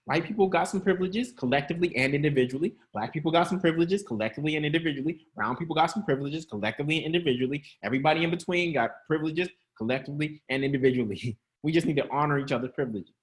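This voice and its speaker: A man's voice: on the high side, very fast, few pauses. A man preaching a sermon to an online congregation, talking in a conversational way, laughing often and calling out to his listeners. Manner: conversational, laughing, calls out to the audience.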